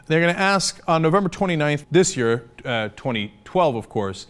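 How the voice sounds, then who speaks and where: A man delivers opinionated political commentary in a somewhat high-pitched voice. He argues with passion and a sarcastic edge, pressing each point hard. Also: animated, normal speed, fairly bright tone, clear, resonant tone. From United States. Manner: impassioned, sarcastic, argumentative.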